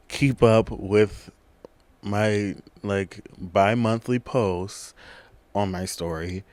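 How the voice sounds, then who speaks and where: A young man chats alone on his own podcast, animated and full of slang, often breaking into laughter. His voice sits fairly low. The sound is close and dry, with no room echo. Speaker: podcast host. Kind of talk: casual solo podcast chat. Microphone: camera on a tripod.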